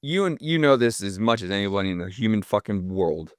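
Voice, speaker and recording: Male podcast host, emphatic and profane, low smooth voice, dry close mic. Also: animated, fast, no room sound. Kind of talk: casual podcast conversation.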